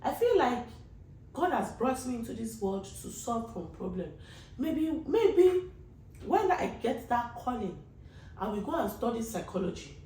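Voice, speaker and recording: Woman host, high voice, earnest and rambling with restarts, echoey room. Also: very animated, unhurried, mellow, distant mic, slight background noise. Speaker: podcast host. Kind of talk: casual monologue to listeners.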